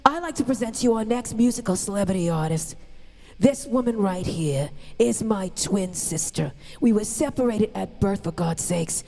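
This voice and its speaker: A woman impersonating a brash older female celebrity comic who bosses and teases the audience in quick patter. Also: medium pitch, expressive, warm tone. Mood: boastful. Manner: bossy, rapid wisecracking patter to the audience. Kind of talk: stand-up impression. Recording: long hall reverb.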